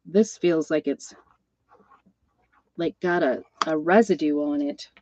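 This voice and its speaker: A middle-aged woman, a craft seller, hosts a live demonstration, chatting and wandering through stories as she works with her hands. Her voice is low, slow and darkish, on a lo-fi recording with slight background noise.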